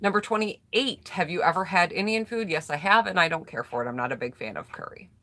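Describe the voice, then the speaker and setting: A little fast, with a lowish, pushed, bright voice, an American vlogger who's getting over a cold chats casually through tag questions. She reads each one out, answers it, and says hello to viewers by name.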